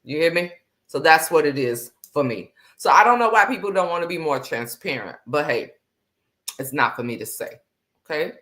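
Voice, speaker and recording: A woman hosts a casual faith livestream and talks straight from the heart. She is blunt and frank, mixes slang into her preaching and greets viewers by name. Her voice sits a little low for a woman. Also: animated, normal speed, fairly bright tone. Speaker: livestream host.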